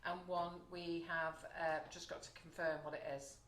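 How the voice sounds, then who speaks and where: A woman hosting a live baking stream from her shop kitchen, loud and chatty, reading out viewer comments. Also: on the low side, level tone, normal speed, reverberant, slight background noise. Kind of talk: casual live-stream chat.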